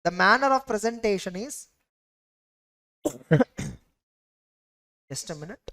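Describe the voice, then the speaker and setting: A woman's voice: medium pitch, animated, slow pace, bright, forceful tone. A woman with an Indian English accent giving an exam revision lecture, emphatic and repeatedly quizzing her students with rhetorical questions. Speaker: audit lecturer.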